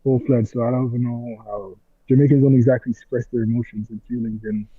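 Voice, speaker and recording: A man's voice: mid-range voice, fairly even intonation, fast talker, slightly rough, no room sound. A man calling in to a coaching Q&A, answering briefly and hesitantly. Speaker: caller. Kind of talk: casual chat. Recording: dry tinny phone line.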